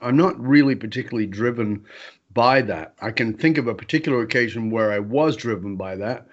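Male guest, mid-pitched, animated storyteller who acts out dialogue; slightly dull lo-fi recording. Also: brisk. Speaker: interview guest. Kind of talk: storytelling in a conversation.

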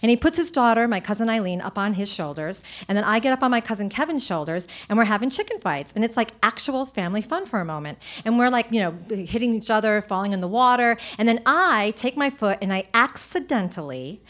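A woman telling a funny personal story live on stage before an audience, lively and animated, with lots of "like" fillers. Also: a little high, fairly quick, hardly any pauses. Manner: lively, comic, animated, frequent "like".

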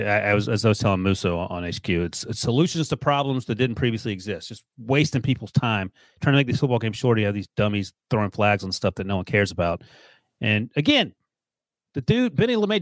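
A man in his forties with a mid-pitched voice who talks fast and bluntly, cracking jokes in casual sports talk. The recording is dry and close. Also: no echo. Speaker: podcast co-host.

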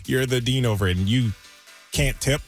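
A man's voice: medium pitch, moderate pace, faint music behind. A man co-hosting a radio show, laid-back and teasing in casual banter. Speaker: radio co-host.

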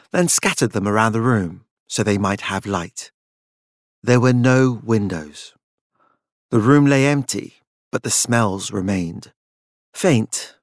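A man narrating a dark gothic story in a measured, even storytelling voice. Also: mid-range voice, no room sound, clean studio sound. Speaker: audiobook narrator.

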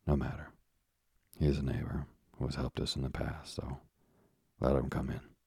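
A man's voice: very deep voice, little pitch movement, normal speed, gravelly, a little mellow, breathy edge, no echo, studio quality, exaggerated voice. A man voicing an earnest, generous young sailor son in a storybook reading.

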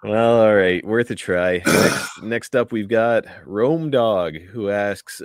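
Upbeat low-voiced podcast host. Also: male voice, slow, few pauses. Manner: upbeat, laughing, reading listener questions. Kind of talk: casual podcast chat.

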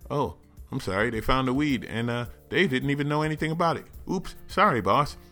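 A man's voice: medium pitch, lively intonation, fairly quick, fairly bright tone, soft background music, voice pushed up. A man doing a sheepish 1930s-style gangster. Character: 1930s gangster-style male crook making excuses.

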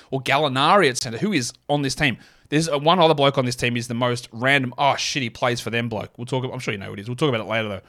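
An Australian man talks through his analysis alone on a podcast mic. His delivery is casual and conversational, full of quick asides, and his voice sits at an ordinary, middle pitch for a man. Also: fairly bright tone. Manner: casual, chatty, thinks aloud with quick asides. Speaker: podcast host. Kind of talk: solo sports analysis podcast.

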